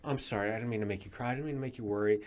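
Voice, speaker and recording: A man's voice: fairly low pitch, racing, a little mellow, natural voice. A man putting on the voice of a tough male boxer soothing his girlfriend. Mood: pleading.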